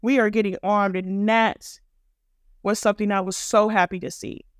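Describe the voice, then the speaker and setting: Young black woman ranting on her podcast, smooth clear voice, dry mic, cusses a lot, very blunt. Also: medium pitch, flat delivery, normal speed, no echo. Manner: blunt, profane and emphatic. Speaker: podcast host. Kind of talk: opinionated commentary monologue.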